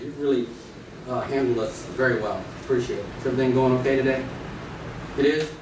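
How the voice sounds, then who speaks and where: A man teaching a live class of real estate agents, playful and energetic, acting out little scenes and quizzing the audience. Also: mid-range voice, fast. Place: training room with an audience. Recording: echoey room, distant mic, noisy.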